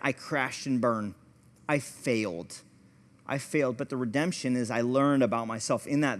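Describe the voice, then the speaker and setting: Man teaching a church class, hall echo. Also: mid-range voice. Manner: conversational, storytelling, self-deprecating. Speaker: pastor and family therapist teaching a class.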